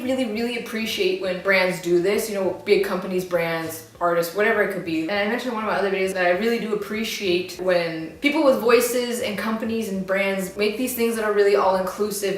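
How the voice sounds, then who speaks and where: Rambly young woman vlogging, jokes on herself, sounds far off in a super echoey room. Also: medium pitch. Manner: chatty, rambling, self-mocking. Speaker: vlogger reviewing drinks. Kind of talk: casual chat. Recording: very echoey room, away from the mic.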